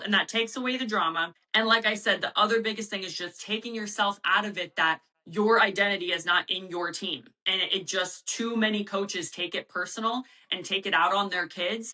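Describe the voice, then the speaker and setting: A middle-aged woman speaks as a coaching guest in a relaxed interview. Her voice is bright and clear, and she talks in an animated way, slipping quoted players and coaches into her own voice. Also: medium pitch, rough recording. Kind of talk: casual interview talk.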